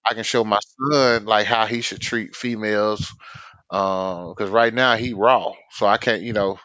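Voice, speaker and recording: Man co-host, deep voice, dry close sound, halting and candid. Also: fairly even intonation, sharp tone, no room sound, low-quality recording. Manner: candid, halting, with many fillers. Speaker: podcast co-host. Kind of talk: casual podcast conversation.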